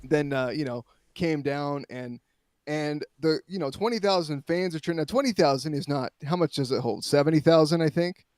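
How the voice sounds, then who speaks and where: A man reporting as a guest on a sports talk show, telling a long story in a rambling, animated way with many restarts. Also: a little high, normal speed, no echo, studio quality.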